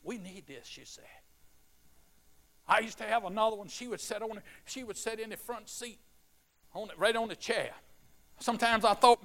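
This middle-aged man preaches with a drawl. His voice sits high and bright, and he moves from hushed anecdotes to loud, fervent calls. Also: fairly quick. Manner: swings from quiet storytelling to shouted fervor. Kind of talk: sermon.

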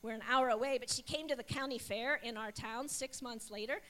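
A middle-aged woman with a high, bright voice tells a personal testimony. She tells it like a story, acting out what people said along the way. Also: a little fast. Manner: animated storytelling with acted quotes. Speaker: pastor's wife. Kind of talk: testimony sharing.

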